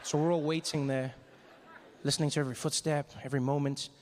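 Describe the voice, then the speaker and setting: A male stand-up comedian from Africa telling a story in an animated way, his voice climbing into frantic high bursts. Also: fast talker, background noise.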